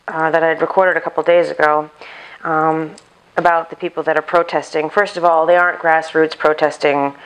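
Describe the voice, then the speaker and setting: A woman's voice: sits low, clean tone, rough recording. A woman hosting a home cooking video on a chest mic, chatting casually and talking to herself as she works. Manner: rambling, talks to herself while cooking. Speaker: cooking channel host. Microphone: lapel mic on chest.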